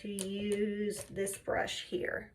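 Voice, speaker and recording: This makeup and faith vlogger talks extremely slowly in a medium-pitched, completely flat voice, and the recording is very noisy. She chats while applying makeup, explaining each step and drifting between stories.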